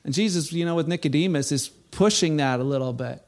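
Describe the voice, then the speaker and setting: A man preaching a sermon, telling the story in a casual, animated way and acting out the people in it. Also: fairly high pitch, fairly quick. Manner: animated storytelling, acts out quoted voices. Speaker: pastor.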